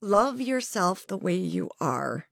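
A woman's voice: mid-range voice, big pitch swings, slow, gravelly, fairly bright tone, dry recording, clean studio sound. A woman being interviewed, speaking frankly and reflectively about her own life in a candid conversation. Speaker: interview guest.

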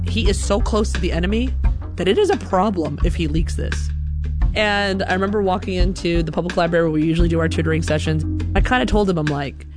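A woman's voice: on the low side, a little fast, over music. Chatty woman telling a story. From Alabama, US. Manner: lively, chatty, fillers like "like". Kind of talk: personal storytelling.

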